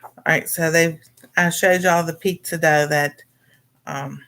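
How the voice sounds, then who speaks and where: A middle-aged woman runs a cooking livestream, greeting viewers, laughing often and rambling in easy conversation. She has a deep, slightly bright voice, a steady tone and a measured pace.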